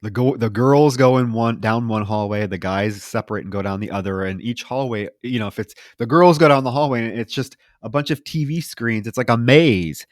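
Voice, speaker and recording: A man co-hosting a podcast, retelling a film plot in an animated, profane way with laughter. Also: mid-range voice, fairly quick, hardly any pauses, dry recording, studio quality. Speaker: podcast co-host. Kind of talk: casual film discussion.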